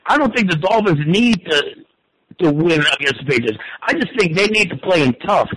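A man in his forties talking sports on a show, excitable and crude, full of stammered restarts and swearing. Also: high-pitched, fairly quick, breathy edge, low-quality recording. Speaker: wrestling and football pundit guest. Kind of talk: excited casual sports talk.

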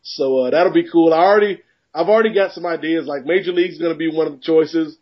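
A man co-hosting a casual sports podcast, joking and rambling through animated riffs. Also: fairly high pitch, fast. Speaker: podcast co-host. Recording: dull lo-fi podcast audio.

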